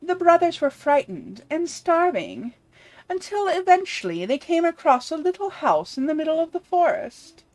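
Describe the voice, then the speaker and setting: A woman voicing an evil but wise woman who reads a fairy tale in a measured storybook cadence. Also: very high-pitched, very animated, a little mellow, pitched above the performer's own voice. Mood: storytelling. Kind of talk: voicing game dialogue.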